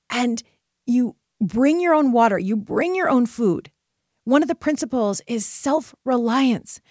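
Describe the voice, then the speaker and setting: A woman's voice: fairly high pitch, no room sound, clean studio sound. A woman podcast host and life coach telling a personal story in an earnest, emphatic way, often checking in with "right?".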